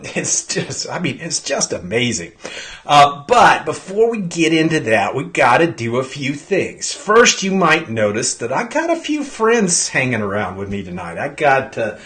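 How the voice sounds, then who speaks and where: Excitable man with a pollen-clogged throat. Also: fairly high pitch. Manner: excitable, rambling, greets viewers by name. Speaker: host. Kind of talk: live-stream chat.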